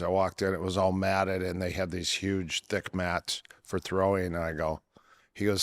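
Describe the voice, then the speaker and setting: A middle-aged man, an MMA coach, telling long stories in a casual interview, rambling with many fillers and restarts, his voice worn from years of yelling. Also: deep voice, steady tone, moderate pace. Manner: rambling anecdotes with many fillers and self-corrections.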